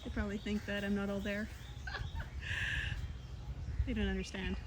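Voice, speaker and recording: A woman's voice: mid-range voice, level tone, very fast, background noise. A woman vlogging casually outdoors, chatting and giggling as she feeds monkeys. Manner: chatty, giggly, talks baby-talk to monkeys. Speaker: travel vlogger. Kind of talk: casual vlog narration.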